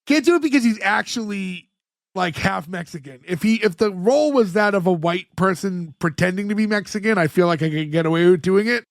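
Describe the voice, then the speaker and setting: High-voiced man recapping a sitcom episode. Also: expressive, a little fast, dry recording, clean studio sound. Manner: retells scenes at length, heavy use of "like" as a filler. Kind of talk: casual chat.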